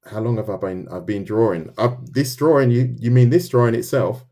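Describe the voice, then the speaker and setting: Here the London-accented artist speaks at medium pitch and normal speed with a dark tone. He draws on a live stream, chatting casually, answering viewer comments, and thinking aloud in loose, restarting sentences.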